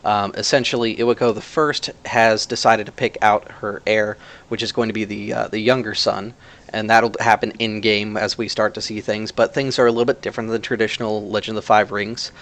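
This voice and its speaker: Low-voiced man hosting a game. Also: fairly quick. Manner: relaxed, chatty, with many fillers. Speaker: game master and channel host. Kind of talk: casual introductions.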